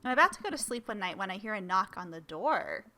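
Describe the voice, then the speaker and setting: A woman's voice: mid-range voice, fast, a little hiss or hum. A woman playing a dating game, reading the lines aloud and reacting with laughter. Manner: animated, laughing often, switching between reading and reacting. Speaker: gamer playing a dating sim. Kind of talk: let's play commentary and reading aloud.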